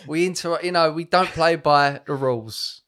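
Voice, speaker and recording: A man's voice: a little high, normal speed, a bit bright. A man co-hosting a podcast, chatting casually, joking, swearing and laughing often. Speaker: podcast co-host. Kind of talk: casual chat.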